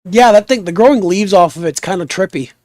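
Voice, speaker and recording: A young man chatting in a relaxed, rambling way while streaming a game, trailing off into asides. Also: high-pitched, a little fast, no echo. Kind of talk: relaxed live stream chat.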